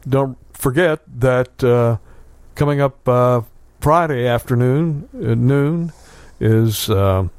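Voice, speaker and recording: A man hosting a casual local radio show from a small studio, talking in a halting way full of fillers. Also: mid-range voice, darkish tone, smooth, no room sound. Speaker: radio host.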